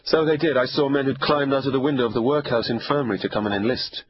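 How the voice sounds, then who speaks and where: A man voicing a blunt, sardonic older army doctor who gives brisk orders. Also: mid-range voice, steady tone, dull audio, background noise, voice pushed up, natural voice. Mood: brusque. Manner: brisk, bossy, teasing. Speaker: army medical examiner.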